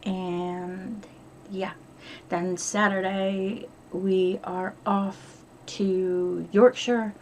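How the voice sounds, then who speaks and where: A woman's voice: mid-range voice, little pitch movement, drawn-out words, darkish tone, slight background noise. A middle-aged woman from upstate New York chatting casually in a diary vlog, rambling and swearing freely. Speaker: vlogger.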